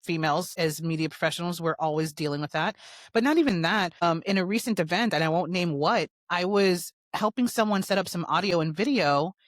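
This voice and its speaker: Fast-talking woman telling a story bluntly. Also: fairly low pitch, no room sound. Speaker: show host. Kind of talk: personal storytelling monologue.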